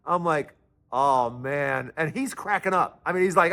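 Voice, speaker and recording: Guy hosting his own show, rambling through a story, bright punchy voice. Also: high-pitched, normal speed. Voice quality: chatty, animated storyteller. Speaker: commentator and show host. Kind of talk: casual storytelling monologue.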